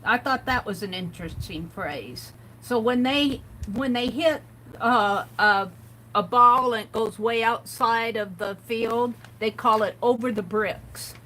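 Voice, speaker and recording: A woman chats her way through a craft livestream, reading bits aloud and adding amused comments. Her voice is bright and a little high, and she speaks slowly and unhurriedly. A faint hiss sits under the recording. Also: poor audio. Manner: chatty, reads quotes aloud with amused commentary. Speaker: art livestream host. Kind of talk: casual craft livestream chat.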